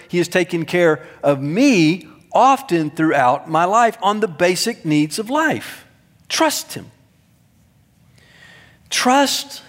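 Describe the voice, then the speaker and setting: A pastor delivers an emphatic sermon, swinging from loud, stressed words to soft, low asides and adding some self-deprecating humor. The recording carries a long hall reverb.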